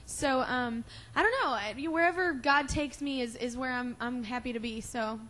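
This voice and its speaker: Young woman, high bright voice, teary and giggly, rambling press answers. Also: moderate pace. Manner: emotional, laughing and tearful, rambling with fillers. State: crying. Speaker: award-winning singer at press conference. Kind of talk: backstage press Q&A.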